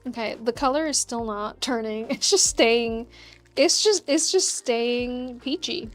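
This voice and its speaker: High-voiced woman chatting w her stream chat while crafting, slow easy pace, lots of little laughs, faint music behind. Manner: chatty and upbeat, laughs often, answers chat questions. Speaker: craft livestream host.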